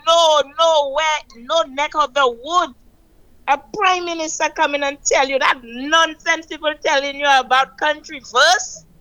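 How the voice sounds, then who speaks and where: A woman with a Saint Lucian accent, calling in to a radio talk show and preaching hard about politics, stressing words slowly and emphatically. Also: high voice, bright, forceful tone, low-quality recording. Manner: impassioned, preachy, emphatic with slow drawn-out stresses. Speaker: caller. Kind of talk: call-in radio political rant.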